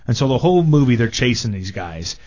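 A man's voice: mid-range voice, very animated, fairly quick, darkish tone, lo-fi sound. A man reviewing movies in casual radio chat, blunt and jokey.

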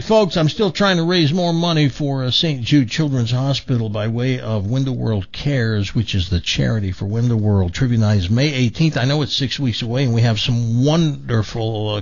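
A man's voice: medium pitch, moderate pace, hardly any pauses, highs cut off. A man hosting a talk radio show, chatting folksily with plenty of fillers and telling a joke.

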